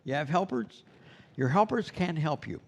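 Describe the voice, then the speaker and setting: A man's voice: a little high, lively intonation, moderate pace. Rambling, chatty male Santa-school instructor. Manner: rambling and conversational, with many "you know"s. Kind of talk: teaching a class. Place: classroom with students present.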